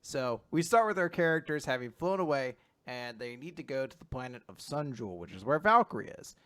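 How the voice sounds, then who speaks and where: A man hosting a casual podcast chat recapping manga, animated, laughing and swearing as he goes. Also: medium pitch, brisk. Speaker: podcast host.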